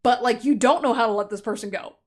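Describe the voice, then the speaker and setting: Chatty, animated woman tarot reader. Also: on the high side, fast. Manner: chatty and animated, laughing often, with frequent fillers; acts out quoted thoughts in playful voices. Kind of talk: casual pick-a-card tarot reading.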